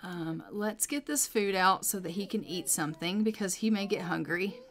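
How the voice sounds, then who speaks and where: A woman's voice: medium pitch, moderate pace. A woman casually narrating a life-simulation game playthrough, chatty and loose with fillers. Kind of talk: chatty let's play storytelling.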